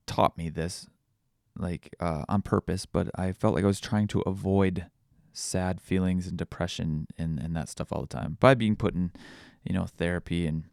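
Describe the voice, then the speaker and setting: Candid and rambling, a man in his thirties hosts a reflective podcast monologue, often starting his sentences over. His voice sits very low with a gravelly fry and a darkish tone, captured dry and close with no room sound.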